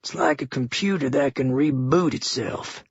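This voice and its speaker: Gravelly Georgia-twanged Governor, as a man puts him on. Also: medium pitch, normal speed, no room sound, muffled recording. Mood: sardonic, menacing. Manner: theatrical, exaggerated enunciation. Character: menacing one-armed male town leader, middle-aged.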